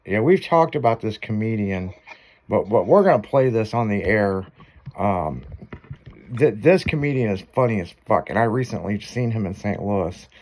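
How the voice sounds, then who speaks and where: A laid-back male radio host with a low voice and lively, swooping intonation. He talks loosely and swears casually while introducing a clip. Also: moderate pace.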